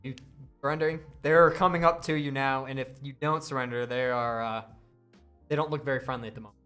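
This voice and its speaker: A man's voice: mid-range voice, steady tone, quick pace, fairly bright tone, faint music behind. A man narrating as game master in a casual tabletop session, swearing and laughing often.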